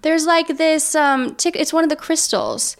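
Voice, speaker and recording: A woman's voice: high-pitched, measured pace. A young woman co-hosting a podcast, chatting casually and rambling with lots of fillers. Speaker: podcast co-host. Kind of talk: casual chat.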